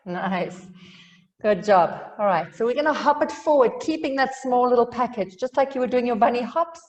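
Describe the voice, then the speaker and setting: A woman teaching a yoga class, giving calm cues with light humor and sounding a little out of breath. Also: on the high side, normal speed, in a large hall, lo-fi sound. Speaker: yoga instructor.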